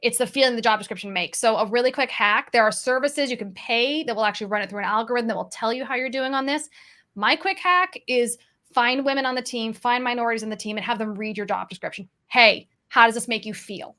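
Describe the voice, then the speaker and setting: A woman with a fairly high voice speaks on a panel about hiring practices. She comes across as direct and practical. She lays out advice as short, brisk instructions. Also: sharp tone. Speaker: sales coach and panelist. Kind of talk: panel discussion.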